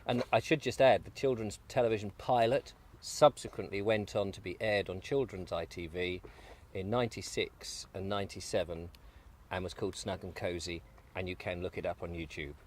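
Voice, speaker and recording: A man's voice: deep voice, fairly even intonation, normal speed, hardly any pauses, slight background noise. A man, a guest, chatting in a rambling, jokey way over breakfast on an allotment, sometimes with his mouth full. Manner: rambling, jokey, talks while eating. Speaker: guest, video maker. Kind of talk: casual outdoor chat. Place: outdoors on an allotment.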